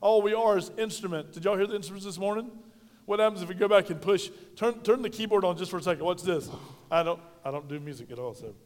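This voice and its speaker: A man's voice: sits high, quick pace. A pastor preaching a sermon in a folksy, direct way, talking to his congregation. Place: church sanctuary. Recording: reverberant church hall.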